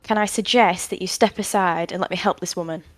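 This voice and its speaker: A woman's voice: on the low side, steady tone, fairly quick, no room sound, close to an everyday voice. A woman voicing a guarded, stubborn female cleric who answers curtly. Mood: defiant. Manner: curt, defiant.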